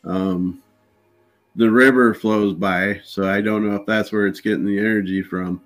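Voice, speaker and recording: A man telling his paranormal investigation stories in a relaxed, anecdotal way, acting out the dialogue. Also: fairly low pitch, a little slow, soft background music. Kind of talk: casual storytelling in an interview.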